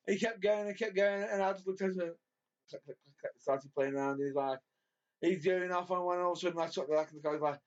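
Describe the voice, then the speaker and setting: A man co-hosting a podcast, giggling a lot and swooping up into high squeals when he laughs or mimics. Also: brisk. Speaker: podcast co-host. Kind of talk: casual storytelling chat. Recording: dull lo-fi audio.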